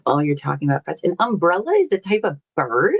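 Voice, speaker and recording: A woman's voice: lowish voice, big pitch swings, quick pace, creaky, slightly rough, poor audio. A woman hosting a casual livestream, rambling and chatty as she reads viewer comments aloud, laughing often and swearing casually. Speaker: livestream host.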